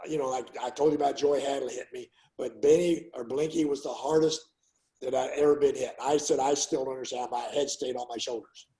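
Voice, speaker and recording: On a rough recording, an older man who used to fight tells stories in a casual interview, his voice medium-pitched and fairly quick. He's an animated storyteller who loudly acts out what people said.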